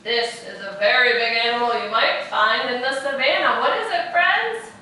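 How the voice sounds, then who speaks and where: A woman teaching preschoolers in a virtual class, speaking in a slow, sing-song, encouraging way. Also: fairly high pitch, bright, forceful tone, recorded from a distance, slight background noise. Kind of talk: virtual class for young children. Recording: echoey room, voice off-mic.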